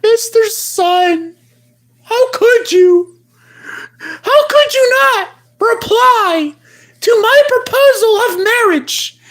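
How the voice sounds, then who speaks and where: A woman's voice: very high voice, lively intonation, drawn-out words, a bit bright, heavily acted. A woman voicing a lovesick male plush toy with an overdramatic, wailing, gushing manner, acted for a comic live-stream skit.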